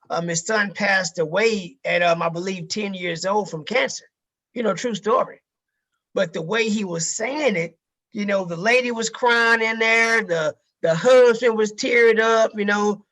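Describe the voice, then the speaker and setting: A man's voice: sits high, pushed and bright. A man giving a casual sales training talk to a group, emphatic and repeating key phrases, with casual swearing.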